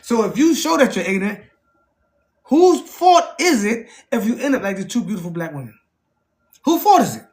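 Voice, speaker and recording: A man talking casually to his livestream chat, animated, often asking "you know what I'm saying" and jumping up in pitch when he acts out conversations. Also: moderate pace. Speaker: streamer.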